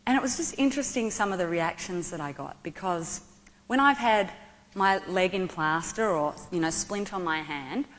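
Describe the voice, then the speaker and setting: Aussie woman telling a story on stage, animated, big echoey hall. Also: fairly low pitch. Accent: Australian. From Australia. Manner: lively, animated storytelling with acted-out quotes. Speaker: motivational speaker. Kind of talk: storytelling talk to an audience. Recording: long hall reverb.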